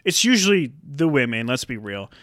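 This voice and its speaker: A man's voice: mid-range voice, sing-song, normal speed, fairly bright tone, dry recording, studio quality. A young man co-hosting a casual podcast, ranting profanely and acting out the people he talks about. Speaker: podcast co-host.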